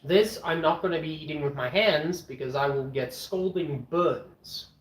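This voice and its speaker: A man's voice: fairly high pitch, moderate pace. Blunt man ranting in an echoey room. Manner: blunt, opinionated, throat-clearing. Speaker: streamer eating on camera and answering chat. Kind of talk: casual rambling chat and rant. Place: home with his dogs.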